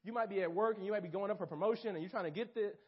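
A young man giving a casual storytelling sermon to a church group, animated and full of fillers. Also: high-pitched, racing, breathy edge. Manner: animated and casual, lots of fillers and acted-out quotes. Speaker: campus minister speaking to a church group. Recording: dull lo-fi recording.

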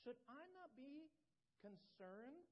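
A woman's voice: high voice, animated, slow pace, a little mellow, voice pushed up, exaggerated voice. A woman preacher voicing God, reasoning earnestly with a sulking prophet through emphatic questions. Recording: dull lo-fi recording.

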